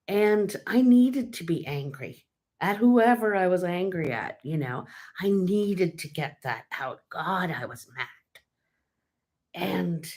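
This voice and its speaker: A woman's voice: fairly low pitch, darkish tone. A woman hosting her own vlog, talking in a candid, casual way with many fillers and restarts. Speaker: tarot channel host. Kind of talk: casual personal vlog talk.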